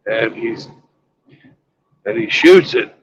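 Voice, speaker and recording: A man's voice: fairly low pitch, expressive, takes it slowly, muffled recording, slight background noise. A man on a road trip telling a crude joke in a loose, rambling, casual way. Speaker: vlogger. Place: travelling by road.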